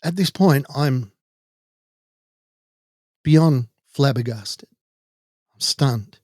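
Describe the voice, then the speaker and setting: A man's voice: medium pitch, very slow, darkish tone, no echo, clean studio sound. A man from Ireland with an Irish accent, telling a personal story in an indignant, heated way as a podcast host. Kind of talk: personal monologue.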